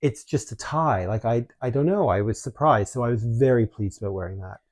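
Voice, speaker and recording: A man hosting a podcast, telling stories in a chatty, animated way. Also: mid-range voice, a little fast. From Canada. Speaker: podcast host. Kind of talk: casual chat.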